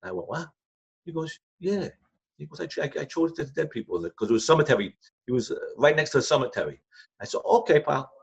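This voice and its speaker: A man's voice: fairly high pitch, lively intonation, quick pace, creaky, slightly rough. An older man telling casual, rambling anecdotes in blunt street grammar as an interview guest. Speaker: former crime crew associate, guest. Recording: dull lo-fi sound.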